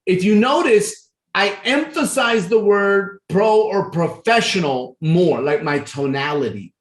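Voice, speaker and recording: Animated man coaching sales closing. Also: high-pitched, unhurried, reverberant. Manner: animated, acts out sales dialogues. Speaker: sales trainer. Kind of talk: sales training talk.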